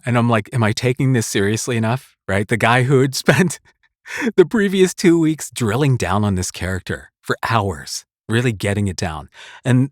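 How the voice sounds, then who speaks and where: Man, voice actor vlogging about craft, low voice, dry close-mic sound, earnest and rambling. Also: dry recording. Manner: earnest, rambling, with restarts and short laughs. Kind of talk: casual talk on voice-acting craft. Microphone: close studio microphone.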